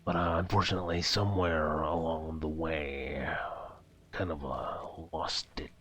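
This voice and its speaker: A man's voice: a bass voice, fairly even intonation, unhurried, a bit bright. A man hosting a let's play, chatting casually with friends, goofing around and trying villain impressions, often tagging "eh?" onto his lines. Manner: goofy, tries villain impressions, tag question "eh?". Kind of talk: casual gameplay chat with friends.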